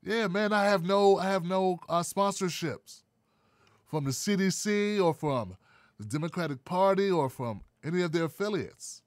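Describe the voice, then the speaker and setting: Dude hosting a live stream, playful and sarcastic, kinda high voice, dry close sound. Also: male voice, lively intonation, moderate pace, dry recording. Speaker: show host. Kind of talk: livestream political talk.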